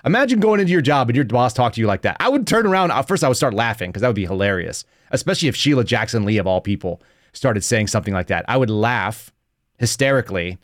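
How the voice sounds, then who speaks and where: A man's voice: medium pitch, animated, quick pace, no echo. Guy in his 30s ranting on a podcast, mocking, laughs a lot, dead dry mic. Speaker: podcast host. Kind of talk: opinionated podcast commentary.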